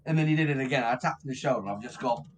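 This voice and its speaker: A male band vocalist races through casual stories, swearing freely, calling people "mate" often and staying animated throughout. His pitch is medium, and slight background noise can be heard.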